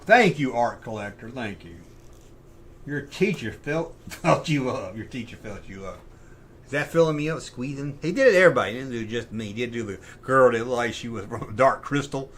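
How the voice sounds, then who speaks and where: Hosting a live stream, a middle-aged man with a mid-range, slightly bright voice tells meandering, foul-mouthed stories and keeps fixing his own details. There's slight background noise.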